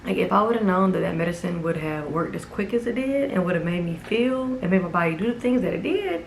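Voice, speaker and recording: Twenties woman vlogging her story, low voice, chatty and emphatic, lots of "like". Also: animated, fairly quick, creaky, few pauses, a little hiss or hum, poor audio. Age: 20s. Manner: casual and emphatic, with many "like"s and "okay?". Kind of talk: personal storytelling vlog.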